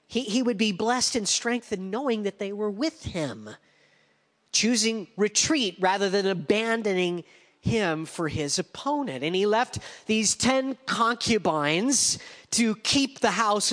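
A man's voice: fairly high pitch, fairly bright tone, in a large hall. A man preaching a sermon as pastor, conversational with wry asides.

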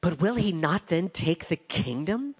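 A man's voice: high voice, animated, measured pace, breathy edge, full character voice. A man reading an anxious army commander. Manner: hesitant, questioning.

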